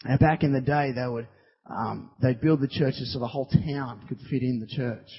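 A man preaching a sermon in a church hall, impassioned, swinging between loud declarations and hushed asides. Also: mid-range voice, moderate pace, husky. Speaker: pastor. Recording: dull recording in a long-reverb hall.

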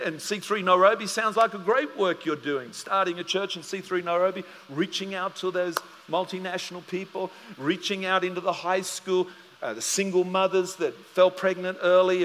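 A man's voice: high voice, normal speed, fairly bright tone, big-room sound. A man preaching a sermon as pastor, telling stories animatedly and acting out both sides of a conversation.

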